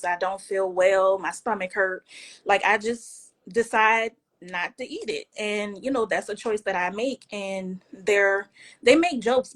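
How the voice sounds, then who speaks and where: New lady on a podcast, kinda high voice, laid back and chatty. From New Orleans. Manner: relaxed, conversational, acts out family banter. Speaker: podcast co-host. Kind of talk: casual heartfelt chat.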